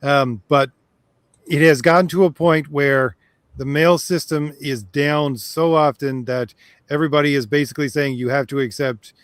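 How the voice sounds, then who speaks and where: A man from Canada chatting casually as a co-host, easygoing and quick to laugh. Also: mid-range voice, no room sound. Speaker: podcast co-host. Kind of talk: casual chat over a video call.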